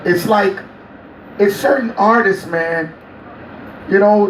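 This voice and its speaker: A man's voice: high-pitched, slight background noise. A middle-aged man being interviewed, telling stories with animation and acting out other people's voices. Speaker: interview guest. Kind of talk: animated storytelling. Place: on a cruise ship. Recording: echoey room, mic at a distance.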